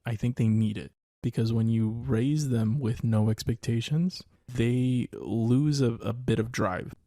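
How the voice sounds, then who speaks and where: A man's voice: mid-range voice, fairly even intonation, a little slow, mellow, no room sound, studio quality. A man co-hosting a podcast as a father, talking in a reflective, hedging way and laughing easily. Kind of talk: casual chat.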